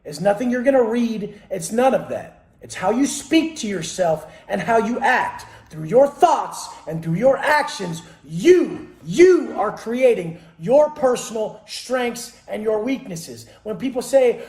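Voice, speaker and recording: Blunt, profane motivational speaker, roomy sound. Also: male voice, high-pitched, lively intonation, measured pace, hardly any pauses, a little mellow. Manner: blunt and heavily profane, firing rhetorical questions. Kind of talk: intense motivational monologue.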